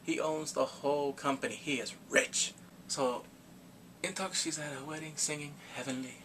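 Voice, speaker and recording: A man casually recapping a drama for his vlog, animated and acting out the characters' reactions with gasps and laughs. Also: a little high, normal speed, noisy background. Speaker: K-drama reviewer.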